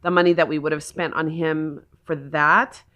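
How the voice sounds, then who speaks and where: A woman in her forties from Oklahoma talks straight to her own vlog camera in easy, rambling sentences. Her voice sits a little on the low side, and she gushes with feeling, piling one thought onto the next. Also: fairly even intonation, normal speed, bright, forceful tone, muffled recording. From Oklahoma, USA. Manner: gushing, emotional, rambling. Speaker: vlogger. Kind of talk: casual vlog chat.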